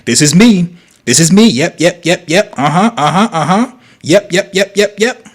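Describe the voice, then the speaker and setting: A man's voice: high voice, animated, normal speed, pitched above the performer's own voice. A man putting on the voice of an eager, fawning young woman who gushes agreement in a mocking way. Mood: gushing.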